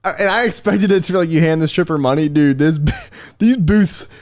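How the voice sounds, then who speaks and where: A man's voice: on the high side, brisk, darkish tone, dry recording, studio quality. A young man on a podcast, laughing sheepishly as he tells an awkward story and saying "dude" a lot. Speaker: podcast co-host. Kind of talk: casual storytelling chat.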